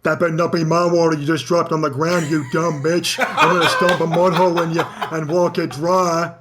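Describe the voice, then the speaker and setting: A man voicing a gruff, foul-mouthed, aggressive male wrestler who growls threats. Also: fairly high pitch, level tone, normal speed, noisy background, pitched above the performer's own voice, close to an everyday voice.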